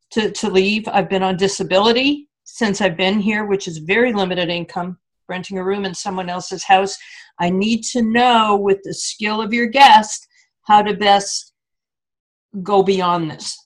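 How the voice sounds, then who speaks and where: A woman's voice: mid-range voice, unhurried, rough recording. A woman from Canada asking an anxious, pleading question on a video call, her words full of restarts. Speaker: caller.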